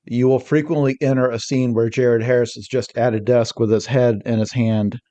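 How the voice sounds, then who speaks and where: A man talking as a podcast guest, energetic and rambling, often restarting his sentences mid-thought. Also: mid-range voice, normal speed. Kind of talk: casual podcast discussion.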